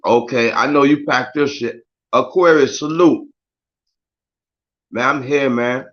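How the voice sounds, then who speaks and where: A man's voice: mid-range voice, unhurried, highs cut off. A man hosting a casual morning live stream, talking in loose slang, swearing and greeting his viewers by name.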